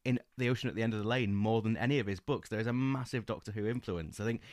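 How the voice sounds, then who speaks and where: A low-pitched man co-hosting a podcast, talking eagerly and rambling, full of ums and false starts. His voice is close and dry. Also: fast, darkish tone, no echo. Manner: enthusiastic, rambling with many fillers and restarts. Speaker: podcast co-host. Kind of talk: casual book-club chat.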